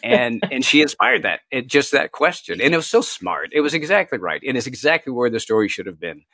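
A middle-aged man chats as an author guest, telling self-deprecating anecdotes and laughing often. His voice sits at a middle pitch. The sound is dry, with little room echo. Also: big pitch swings, brisk, vocal fry, sharp tone. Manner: tells anecdotes with quoted asides. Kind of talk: casual interview chat.

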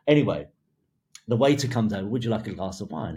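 Man telling a lively story. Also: fairly low pitch, quick pace. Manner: lively storyteller, laughs between phrases, acts out quotes. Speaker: hairdressing creative director. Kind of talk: telling an anecdote in an interview.

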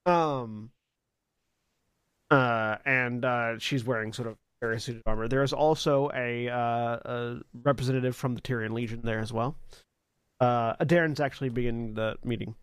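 A man runs a tabletop game as dungeon master, narrating in a loose, halting way full of fillers. His voice sits in a middle register and is recorded close and dry, with no room sound. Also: mid-range voice, steady tone, clear, resonant tone, no echo. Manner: casual, halting with many fillers.

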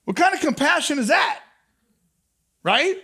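High-voiced preaching man, animated. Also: measured pace. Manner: animated preaching, swings from soft asides to shouted emphasis; talks back and forth with the congregation. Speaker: pastor. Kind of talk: sermon.

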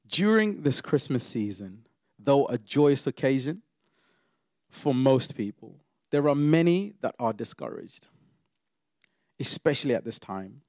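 Gravelly preacher, loud then hushed. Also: male voice, mid-range voice, big pitch swings, normal speed, no room sound, clean studio sound. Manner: dynamic, swings from loud exclamations to quiet intimate asides. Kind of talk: sermon.

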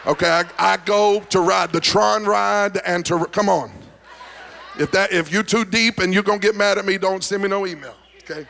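A male pastor delivering a sermon to a congregation, moving from folksy storytelling to fervent shouted preaching. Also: high-pitched, vocal fry, slight background noise. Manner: animated preaching that builds to shouting. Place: church service before a congregation.

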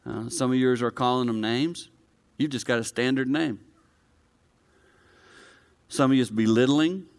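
A male pastor preaching a conversational sermon to a live congregation, swinging from quiet, low delivery to loud, high-pitched excitement. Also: a little slow, smooth. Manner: conversational, personal preaching with direct address.

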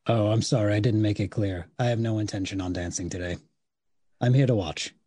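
A man's voice: lowish voice, fairly even intonation, fairly quick, warm tone, breathy edge, no echo. A man playing an aloof, dismissive male minister who speaks curtly. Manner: curt, dismissive.

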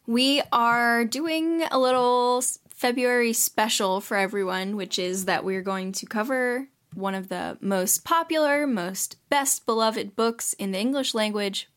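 A woman's voice: fairly high pitch, measured pace, fairly bright tone. A woman co-hosting a podcast over a video call, chatting casually, laughing often and sounding mock-exasperated. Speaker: podcast co-host. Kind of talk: casual chat. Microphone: video call mic.

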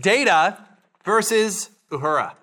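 High-voiced joking male moderator. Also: expressive, measured pace, bright, forceful tone. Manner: joking, stammering restarts. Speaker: panel moderator. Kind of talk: live panel banter.

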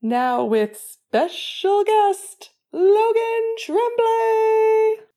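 A woman voicing a young man who puts on a silly, booming wrestling announcer voice. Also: warm tone, full character voice. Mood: announcing. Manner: booming, drawn-out announcer delivery.

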